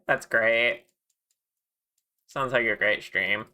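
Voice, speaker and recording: Friendly live streamer, unhurried delivery, very bright edge, chatty with chat. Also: medium pitch, wildly swooping pitch. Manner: friendly, chatty, laughs often, greets viewers. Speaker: streamer and 3D modeler.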